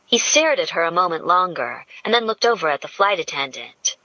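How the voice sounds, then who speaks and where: A woman narrating an audiobook in a slow, measured storytelling manner. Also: low voice, expressive, bright, forceful tone, no echo. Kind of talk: scripted narration. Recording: dull lo-fi dry audio.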